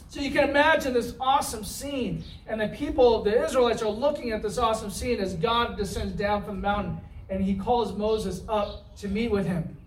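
A man preaching a sermon in a conversational way, often checking in with "right?" and acting out the complaining Israelites in a voice of their own. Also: extremely high pitch. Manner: conversational, asks the room "right?"; acts out the Israelites' complaints in a whiny voice. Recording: roomy, from far off the mic.

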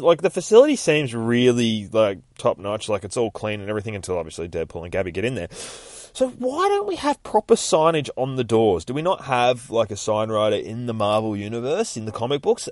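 Low-voiced guy rambling through a comic recap. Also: expressive, fairly quick, darkish tone, no echo, clean studio sound. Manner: casual, sweary, rambling. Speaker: comic book reviewer. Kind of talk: casual recap and review.

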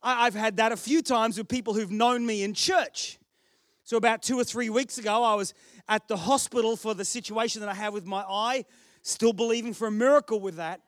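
Male pastor, Australian accent, very high voice, story-driven sermon with self-mocking jokes. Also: steady tone, brisk, fairly bright tone, no echo, studio quality. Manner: chatty storytelling with self-deprecating humour.

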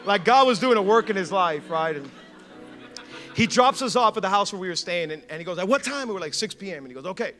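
A male pastor telling a story in a sermon, animated, acting out quotes and laughing often. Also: high-pitched, fast, soft background music.

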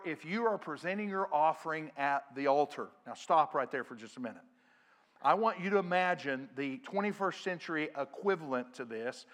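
Earnest middle-aged male pastor preaching. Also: on the high side. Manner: earnest preaching, swells louder on scripture quotes. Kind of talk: sermon. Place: church sanctuary.

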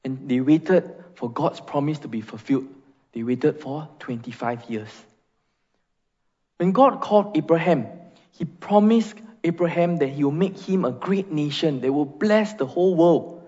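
A man's voice: a little high, animated, unhurried, dark tone. A man preaching a sermon as pastor, emphatic, reading scripture and leading prayer in a church. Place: church sanctuary. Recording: muffled sound in a reverberant church hall.

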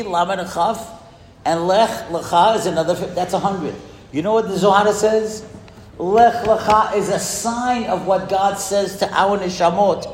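A man giving a storytelling speech in a school hall, lively and asking the audience questions. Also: high voice, slight background noise. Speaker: speaker addressing a school audience. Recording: echoey hall with long reverb.

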